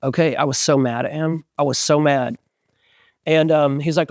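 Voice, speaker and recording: A man in his forties, a band singer, telling stories in an animated way as an interview guest and acting out the voices of people he quotes. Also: a little high, normal speed, no room sound, studio quality. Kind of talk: casual storytelling interview.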